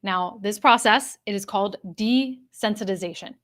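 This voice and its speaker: A woman's voice: medium pitch, moderate pace, a bit bright. A woman executive coach teaching a live online workshop, talking straight to her audience and repeating the key points for emphasis. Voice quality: addresses a live chat audience directly.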